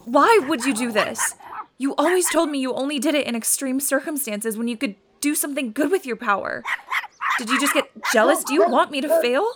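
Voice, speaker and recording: A woman's voice: sits high, noisy background. A woman acting a friend in an audio drama, emotional and accusing. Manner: emotional, accusing, then flat and slow. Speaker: character Erin.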